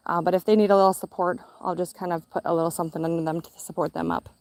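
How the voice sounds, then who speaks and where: A woman's voice: lowish voice, steady tone, racing, a little mellow, no echo. A woman giving a casual live-stream tour of her garden outdoors, chatty and upbeat, a little out of breath in the heat. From Minnesota. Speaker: gardening vlogger.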